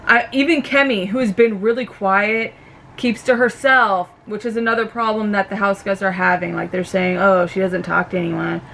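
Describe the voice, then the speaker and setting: A young woman vlogger ranting casually about a reality show, animated and swearing freely. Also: medium pitch, moderate pace, gravelly, a little hiss or hum.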